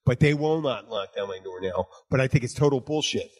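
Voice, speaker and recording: A man's voice: medium pitch, animated, brisk, slightly rough. A man hosting a bartending podcast in casual chat, talking bluntly and emphatically with plenty of swearing. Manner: emphatic, blunt, profane, repeats "you know what".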